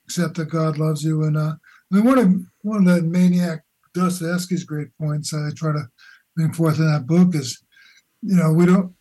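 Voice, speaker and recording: An older man, a philosopher guest on a remote call, talking in halting, searching sentences with many restarts. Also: a little high, steady tone, dark tone, low-quality recording. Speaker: guest, philosopher and boxing coach. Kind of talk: conversational interview.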